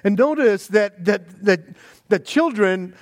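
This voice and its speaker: A man with a notably high voice preaching an animated, conversational sermon. He stumbles into restarts and chuckles as he goes, and the sound is close and dry. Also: slow, dry recording. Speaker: pastor.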